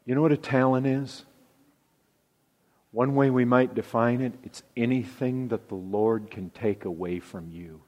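A man preaching a sermon, emphatic and deliberate, dropping his voice low to stress key words. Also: steady tone, highs cut off. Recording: long reverb of a large hall.

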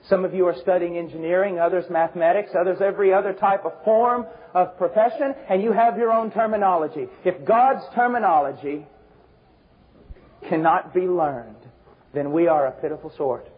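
A man preaching a fervent sermon, swinging between shouted emphasis and low, intense passages. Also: moderate pace, a little hiss or hum. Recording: dull lo-fi recording.

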